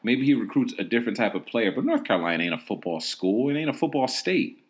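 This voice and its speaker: A man's voice: mid-range voice, fast. A man hosting a solo sports podcast, rambling and mocking in a casual, profane way, full of "like" and "um". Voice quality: profane, rambling, heavy use of "like" and "um". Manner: animated, mocking, incredulous. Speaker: podcast host.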